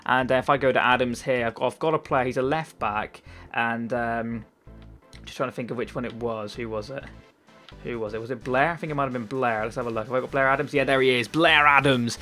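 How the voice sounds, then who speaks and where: A man's voice: mid-range voice, steady tone, a little fast, sharp tone, faint music behind. A man in his twenties with a Cornish accent, giving casual, chatty gameplay commentary and rambling with frequent ums and repeated words. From Cornwall, England. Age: 20s. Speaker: gaming YouTuber.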